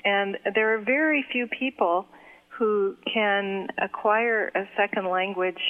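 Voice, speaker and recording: Lady prof explaining stuff calmly, sounds like a tinny phone line. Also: medium pitch, slow. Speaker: professor of second-language education. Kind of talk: explanatory interview talk. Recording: phone-like narrow band.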